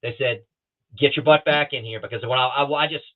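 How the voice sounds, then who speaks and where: A middle-aged man from the Southeastern United States speaks over a thin, boxy call line that sounds like a telephone. He is a guest pilot recounting his flying days in a podcast interview at a medium pitch. He tells it animatedly and slips into the voices of the people in his stories. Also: fairly quick. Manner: lively storyteller who acts out other people's lines. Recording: thin phone-like remote call audio.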